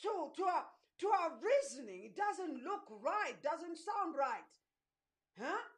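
A woman preaching an impassioned sermon, urging her listeners with repeated calls and rising shouts, her voice going hoarse. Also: very high voice, big pitch swings, slow.

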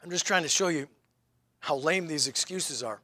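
A man preaching from the pulpit, his voice pitched high and ringing bright. He needles his listeners with rhetorical questions and wry emphasis, and the sound is close and dry with no room echo. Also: normal speed. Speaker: pastor. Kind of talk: sermon.

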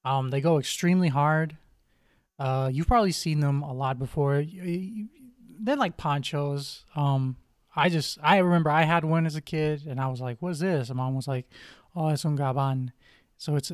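A man's voice: fairly high pitch, no room sound, studio quality. A young man hosting a podcast, casually reviewing wrestling matches, rambling with many ums and restarts. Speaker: podcast host.

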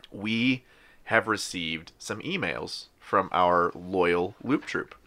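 Man, deep voice, bright edge, wry rambling podcast host, casual chat.

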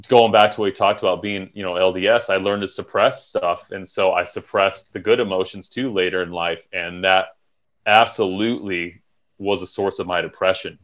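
A man with a slightly low voice talks frankly and reflectively in a relaxed podcast chat, cursing now and then. The recording sounds dull and lo-fi, missing its top end. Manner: frank and reflective, swears casually. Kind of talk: candid conversational podcast talk.

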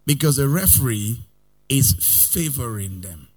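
A male pastor preaching a sermon, swinging between loud outbursts and quiet asides, sometimes in a sing-song cadence and calling on his listeners to repeat after him. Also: mid-range voice, lively intonation, a little slow, breathy edge. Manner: calls the congregation to repeat lines after him.

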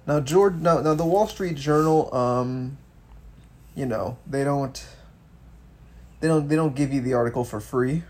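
A man co-hosting a casual political commentary podcast, animated and swearing, with many stumbling restarts. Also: medium pitch, unhurried. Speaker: podcast co-host.

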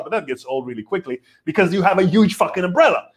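Man, thirties, from Israel, comedy host, rambling profane rant, swooping lively pitch. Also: fast talker.

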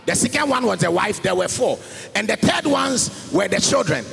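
High, gravelly preacher in a hall. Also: male voice, expressive, normal speed, background noise. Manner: preaching in a sing-song voice that swings up to shouts. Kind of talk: sermon. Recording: hall reverb with faint music.

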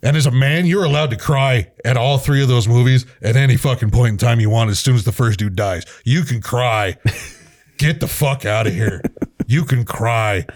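A man's voice: medium pitch, normal speed. A man ranting in casual, profane chat, heated and swearing constantly as a podcast co-host.

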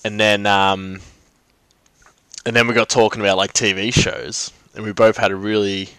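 A man's voice: fairly low pitch, flat delivery, moderate pace, pushed and bright, clear, resonant tone, no room sound. A man hosting a casual podcast, rambling with fillers and restarts. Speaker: podcast host. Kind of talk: casual chat.

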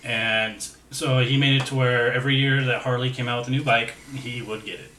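A man tells a story in casual chat, pausing on fillers and swearing freely, his voice bright and forceful. He is a bit off the mic in an echoey room with faint ambience. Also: medium pitch, distant mic, a little hiss or hum. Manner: relaxed, hesitant, fillers and swearing. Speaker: podcast co-host.

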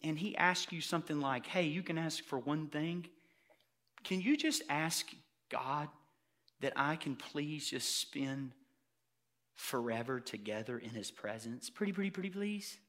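A man voicing an earnest little boy who speaks softly and hesitantly, pleading in a sermon illustration. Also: fairly high pitch, lively intonation, measured pace, pitched below the performer's own voice. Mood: shy pleading.

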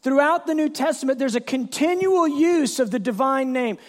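A man pastor preaching a sermon in an animated storytelling way, bursting into shouts. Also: very high voice, normal speed.

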